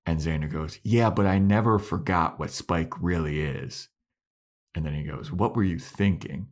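Low-voiced male podcast co-host, casual, retells scenes by voicing the dialogue. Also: normal speed. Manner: retells scenes by acting out characters' lines. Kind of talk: casual chat recapping a TV episode.

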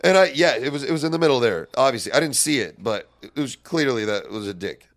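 A man's voice: mid-range voice, animated, quick pace, a bit bright. A young man, a podcast co-host, telling a crude comedic story with lots of swearing and laughing at his own punchlines.

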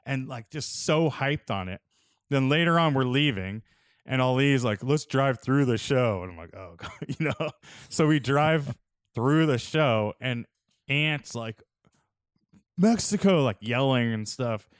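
Young man, casual storyteller, laid-back, smooth clear voice, dry close sound. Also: mid-range voice, expressive, a little slow, no room sound. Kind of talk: casual chat.

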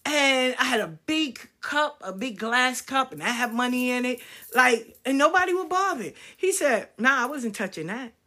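A woman in her fifties, a spiritual practitioner, telling a story in casual, profane, animated talk and acting out what others said. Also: high-pitched, normal speed. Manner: animated, profane, acts out quotes.

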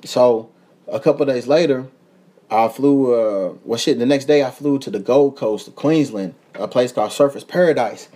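Animated, husky-voiced young man telling stories. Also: mid-range voice, moderate pace. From United States. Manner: animated, profane, laughing often. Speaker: podcast host. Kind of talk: casual storytelling chat.

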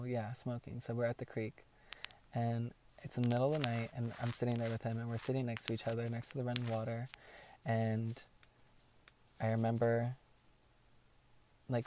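A man's voice: medium pitch, warm tone, a little hiss or hum. Profane, rambling young man telling a story. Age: young adult. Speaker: podcast host. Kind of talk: candid storytelling monologue.

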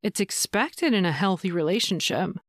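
A woman's voice: mid-range voice, expressive, moderate pace, no echo, studio quality, lightly acted. A woman voicing a tender, reassuring male lover. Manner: gentle, soothing explanations.

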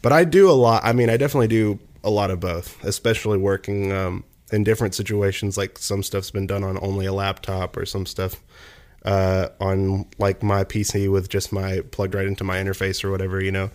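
Young man, low-pitched, casual rambling chat, fillers and restarts. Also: flat delivery, a little fast, darkish tone. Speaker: musician and producer guest. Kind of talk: casual conversation.

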